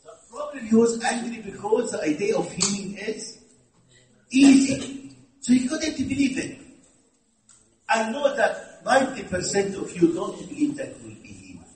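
A man's voice: sits high, sing-song, normal speed, darkish tone, slight background noise. A man with an Egyptian Arabic accent, Arabic-speaking by birth, preaching an interactive sermon, asking the listeners questions and switching between English and Arabic. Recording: echoey hall from far off.

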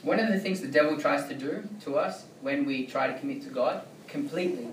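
A man's voice: fairly high pitch, brisk, a little hiss or hum. Man preaching in an echoey hall. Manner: conversational, keeps asking "right?". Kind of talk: sermon. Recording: echoey room, distant mic.

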